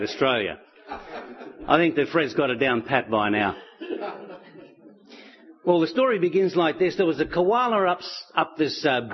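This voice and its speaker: A man telling stories to an audience in a relaxed, chatty way. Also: fairly high pitch, slightly rough, dull audio. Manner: relaxed, chatty, with light laughs. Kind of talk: storytelling talk to an audience.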